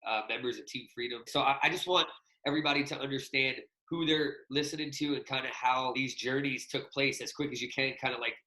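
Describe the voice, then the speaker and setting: Male podcast host, animated storyteller on a video call, bright voice, roomy echo. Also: mid-range voice, fast talker. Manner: animated storyteller, laughs often. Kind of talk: casual chat. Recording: echoey room.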